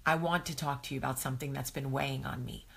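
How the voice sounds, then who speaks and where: A woman's voice: very deep voice, steady tone, quick pace, gravelly, fairly bright tone, slightly rough. A woman hosting a live advice chat, talking straight to viewers, chatty and effusive as she answers their comments. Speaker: host of a live advice show. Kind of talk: casual live-stream chat.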